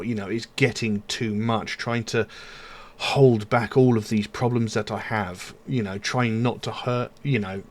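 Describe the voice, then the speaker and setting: Male reactor, earnest rambling commentary, slightly low pitch. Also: fairly even intonation, measured pace. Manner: earnest, rambling, many fillers, quotes lyrics. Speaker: music reaction channel host. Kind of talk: casual commentary on song lyrics.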